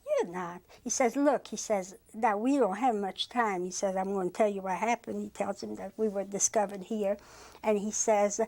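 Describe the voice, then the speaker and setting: A woman's voice: a little high, darkish tone. Older woman recounting a wartime memory. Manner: retells dialogue with constant "he says", halting with fillers. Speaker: Holocaust survivor interviewee. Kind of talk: oral history testimony.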